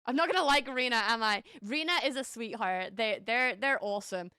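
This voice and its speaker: A woman's voice: a little high, brisk, pushed and bright, clean tone, dry recording, clean studio sound. A woman from the North of England with a Northern English accent, chatting casually with viewers on a live stream, laughing often and repeating words as she restarts sentences.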